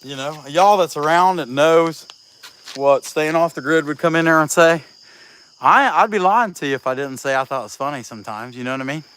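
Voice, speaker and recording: Breathless as he works outdoors, a Southeast Ohio chainsaw carver livestreams casual chat from his rural carving spot, joking folksily and reading viewer names in a country, Appalachian-leaning accent. His fairly high voice is brisk, a bit bright, clear, and resonant, though the recording is rough.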